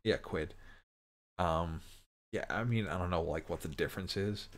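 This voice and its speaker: A man's voice: low voice, normal speed. A man hosting a livestream, chatting casually with viewers and ranting bluntly about pay. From United States. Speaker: livestream host. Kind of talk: casual chat to live viewers.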